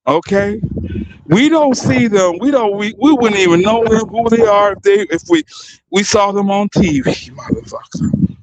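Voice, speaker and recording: A man's voice: high-pitched, moderate pace, darkish tone, low-quality recording. A young man delivering a heated, profane and mocking rant as a streamer. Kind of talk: heated ranting commentary.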